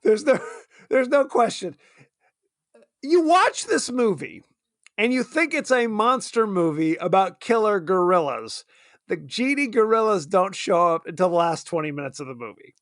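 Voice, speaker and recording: A man's voice: high-pitched, expressive, normal speed, fairly bright tone, no room sound, clean studio sound. A man co-hosting a podcast in casual chat, amused and chatty, laughing often as he talks about a movie. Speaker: podcast co-host.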